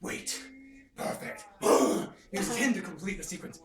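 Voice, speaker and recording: A hyper young man retelling a movie in a casual, excited way, laughing and making sound effects, filmed on his sister's phone. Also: sits high, a little slow, a crowd in the background. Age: young adult. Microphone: phone held by his sister. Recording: roomy and far from the phone, with music.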